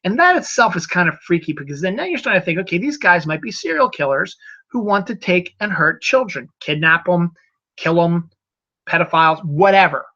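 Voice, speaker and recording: A man's voice: sits high, expressive, brisk, sharp tone. Rambling man on a solo podcast. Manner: rambling, repeats words and restarts. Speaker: podcast host. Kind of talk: solo casual monologue. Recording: dull lo-fi audio.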